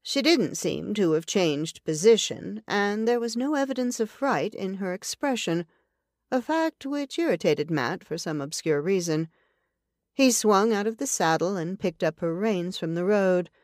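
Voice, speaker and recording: A woman narrating a western novel as an audiobook in an even, deliberate storytelling manner. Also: mid-range voice, dry recording, clean studio sound.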